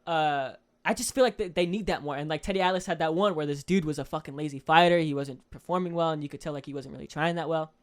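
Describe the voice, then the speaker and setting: A young man co-hosting a casual podcast chat, lively and loose, with plenty of swearing. He breaks into loud, theatrical impressions of coaches' speeches and then drops back to his plain talking voice. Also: a little high, quick pace, few pauses, clear, resonant tone. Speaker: podcast co-host.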